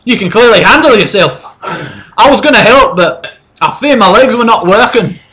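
A man voicing a huge, burly, drunk dwarf mercenary who is loud and boisterous. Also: high voice, expressive, normal speed, pitched above the performer's own voice.

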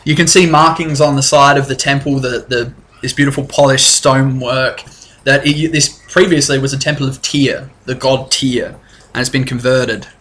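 A man's voice: medium pitch, steady tone, moderate pace, a bit bright. A man narrating as game master in a tabletop game, rambling and restarting his sentences. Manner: rambling, restarts often, laughs easily.

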